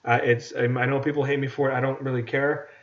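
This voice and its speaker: A man's voice: mid-range voice, flat delivery, quick pace. Ranting man on a lo-fi podcast. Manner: ranting, repeats words, acts out movie lines. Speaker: podcast co-host. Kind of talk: casual podcast chat. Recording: dull lo-fi podcast audio.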